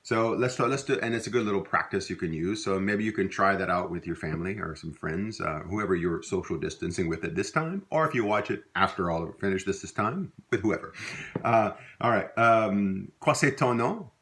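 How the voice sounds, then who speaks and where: A man's voice: sits low, normal speed, fairly bright tone. A man giving a recorded language lesson, patiently repeating example words with many fillers. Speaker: language teacher.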